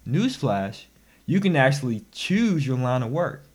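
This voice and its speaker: A man giving a motivational personal finance lesson, talking in an animated, preachy way with sudden loud, emphatic bursts. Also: medium pitch, moderate pace, slightly rough. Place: recorded instruction.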